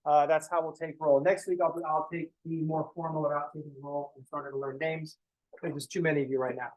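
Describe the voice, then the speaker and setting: A man's voice: a little high, level tone, brisk, darkish tone, rough recording. A young man teaching a college math class in a casual, blunt way, swearing freely and making joking asides to his students. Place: classroom, also streamed online.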